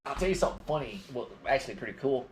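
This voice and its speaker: A man's voice: medium pitch, expressive, rapid-fire, background noise. A middle-aged man from Georgia with a mild Southern drawl, telling rambling stories in a casual live-stream chat. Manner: rambling storyteller.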